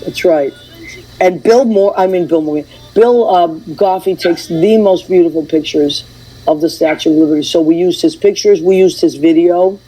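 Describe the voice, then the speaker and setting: A woman hosts a relaxed radio chat, telling lively stories and acting out what people said. Her voice is mellow and a little husky. She talks the way friends do over a table. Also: fairly low pitch, normal speed, low-quality recording. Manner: animated storyteller, acts out quotes. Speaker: host.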